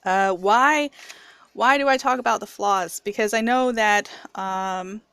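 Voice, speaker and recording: A woman's voice: medium pitch, a little slow, fairly bright tone, clear, resonant tone, no echo. A woman reviewer with a mixed, picked-up accent, talking candidly in a casual, chatty personal vlog. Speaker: video reviewer.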